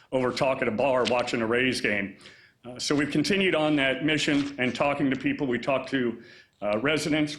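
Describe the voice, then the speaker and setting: A man speaking as mayor at a press conference, relaxed and chatty with frequent fillers. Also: medium pitch. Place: indoor press conference room. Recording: echoey room.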